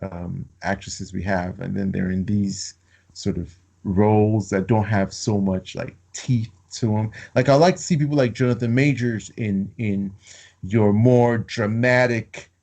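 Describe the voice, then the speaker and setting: Man, lowish voice, gravelly, halting, rambling film chat. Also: steady tone, darkish tone. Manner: rambling, halting, many fillers. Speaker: podcast co-host.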